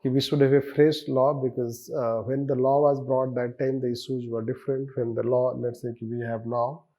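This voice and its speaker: Gravelly Indian man lecturing loosely. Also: medium pitch, little pitch movement, normal speed, dark tone. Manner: rambling, loose lecturing with asides and trailing sentences. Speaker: teacher. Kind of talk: classroom lecture.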